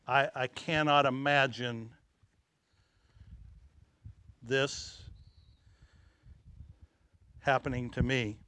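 A man preaching a sermon, acting out scenes dramatically and dropping to hushed tones at emotional moments. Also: mid-range voice, fairly even intonation, drawn-out words, pauses often, clean tone. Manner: dramatic, swings from loud exclamations to hushed near-whispers.

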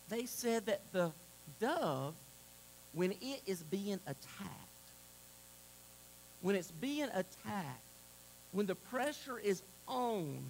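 A man preaching a sermon to a congregation, moving between loud exclamations and a hushed altar call. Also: high voice, creaky, slight background noise, poor audio. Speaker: pastor. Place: church sanctuary.

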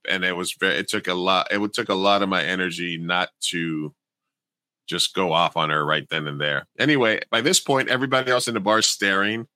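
A man's voice: deep voice, fairly even intonation, a little fast, sharp tone, dry recording. A man casually telling a long story on a podcast, swearing freely and acting out the people he quotes. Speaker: podcast co-host.

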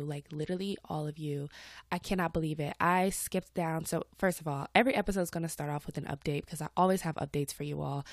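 Young woman, light Atlanta Southern accent, chatty upbeat podcast host, a bit stuffed up, lowish voice, dry close mic. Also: no room sound. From Atlanta, Georgia, USA. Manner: chatty and upbeat, with a lively, swooping delivery. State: slightly stuffed up from a cold. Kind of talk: casual chat.

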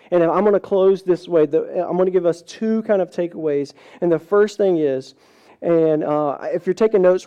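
A male pastor preaching a sermon, telling stories with lively acted-out quotes and a pace that speeds up and slows down. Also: sits high, muffled recording. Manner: animated storytelling, acts out quoted voices, varied pace.

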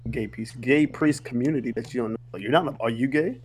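A man's voice: medium pitch, a little fast, a little mellow. Teasing young man asking probing questions. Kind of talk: casual chat.

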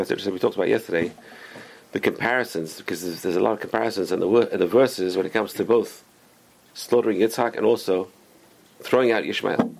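Animated rabbi with a gravelly voice. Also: male voice, on the low side. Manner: animated, rhetorical questions to the class. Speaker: rabbi teaching a class. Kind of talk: religious class lecture.

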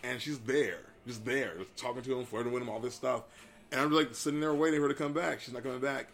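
A man's voice: mid-range voice, fast, creaky. A man in casual chat, rambling through a dating story with lots of fillers. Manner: rambling, animated retelling with many fillers.

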